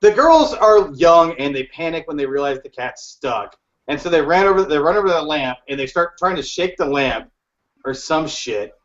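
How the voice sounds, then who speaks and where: A man's voice: on the high side, animated, normal speed, a bit bright. A man co-hosting a podcast in casual chat, telling a rambling story with a laugh and some swearing. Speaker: podcast co-host. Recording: dull lo-fi podcast audio.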